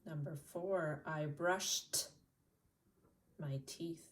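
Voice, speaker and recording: A woman from Canada teaching an English lesson, repeating words slowly and clearly. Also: low voice, steady tone, recorded from a distance. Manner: slow, deliberate repetition of single words.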